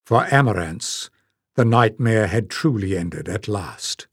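A man narrating a fantasy audiobook in a measured, dramatic storytelling manner. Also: lowish voice, lively intonation, slightly rough, no room sound, studio quality. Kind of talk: scripted narration.

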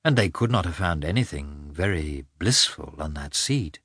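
Man reading a classic novel aloud, expressive and measured, dry close sound. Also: rumbling low, husky, no room sound. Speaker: audiobook narrator. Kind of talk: scripted narration of a classic novel.

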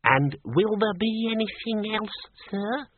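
A nervous shopkeeping lady, hesitant and overly polite, as a male narrator puts her on. Her voice is husky and a little raised, drawn out slowly in a dry, phone-thin storybook recording. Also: high-pitched, animated, no echo, narrow, tinny audio, voice pushed up, exaggerated voice. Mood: flustered polite. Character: nervous female chocolate shopkeeper.

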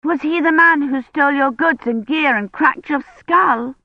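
A woman voicing a curious, eager little girl in an audiobook, with a high, questioning voice. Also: a little slow, no echo, lo-fi sound.

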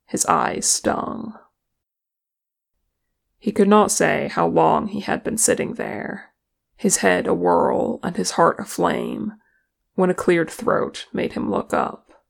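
A reader narrating a fan fiction story in a steady, measured way. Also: mid-range voice, creaky. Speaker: audiobook reader.

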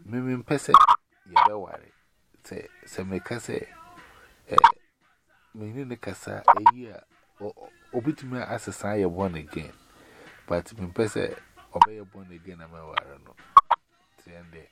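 A very low, gravelly man rambles casually in broken pidgin English, laughing as he talks. The call recording is swamped by loud noise throughout. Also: measured pace, long pauses. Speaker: caller. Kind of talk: casual chat.

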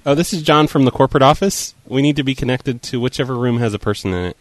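A man making a prank phone call, posing as an official in a stumbling, deadpan way. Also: medium pitch, fast, dry recording. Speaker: prank caller and show host.

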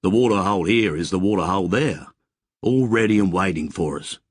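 A man voicing rough bushmen with a blunt, slangy drawl. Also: low-pitched, fairly quick, dry recording, clean studio sound. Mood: earnest. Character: laconic rough Australian bushman mates, adult men.

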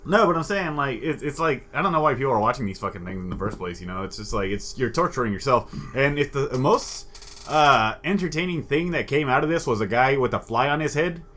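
A man co-hosting a casual comedy podcast, rambling and profane with deadpan jokes. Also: medium pitch, fairly quick. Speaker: podcast co-host. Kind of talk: casual crude comedy chat. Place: California.

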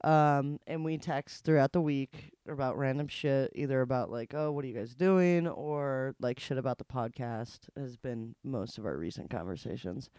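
A woman's voice: rumbling low, normal speed, hardly any pauses, warm tone, smooth, no room sound, studio quality. A woman co-hosting a podcast in casual chat, who swears freely, laughs a lot and trails off with ums. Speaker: podcast co-host.

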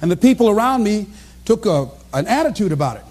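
High, lively-voiced man giving a motivational speech. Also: fast talker. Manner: animated storytelling, bursts into shouts and laughter. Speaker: motivational speaker. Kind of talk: motivational speech to a live audience.

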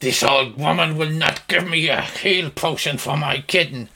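A man's voice: on the high side, normal speed, creaky, pushed and bright, slight background noise. A man voicing a huge raging manticore. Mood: pleading. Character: desperate hungry male manticore mother-figure, huge and wrathful.

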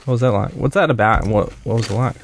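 A man's voice: on the low side, quick pace, a little hiss or hum. Easygoing man hosting. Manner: easygoing, short back-channel replies. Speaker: host of a live stream. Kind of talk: casual chat.

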